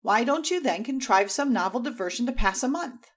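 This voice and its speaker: A kindly elderly uncle, put on by a woman reader in a storybook, speaking low and hushed. His tone is fatherly and indulgent, a doting old man with a jealous streak. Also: expressive, a little fast. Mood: gentle, indulgent.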